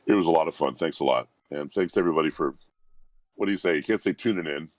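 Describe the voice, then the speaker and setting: A man, a guest voice actor, talking in a relaxed interview in a reflective, humble and unhurried way. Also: rumbling low, no room sound.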